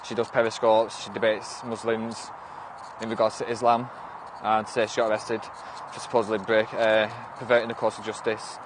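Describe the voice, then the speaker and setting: A fairly low, level-toned voice belongs to a young man from Northwest England livestreaming from his phone. At a moderate pace and with a Northern accent, he rambles, restarts often, swears now and then, and snaps at viewers while answering their comments, with background noise audible.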